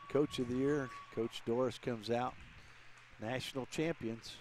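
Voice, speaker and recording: A man's voice: medium pitch, fairly even intonation, unhurried, a little hiss or hum. A man calling a women's college basketball game, chatting easily as play-by-play announcer. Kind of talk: sports commentary.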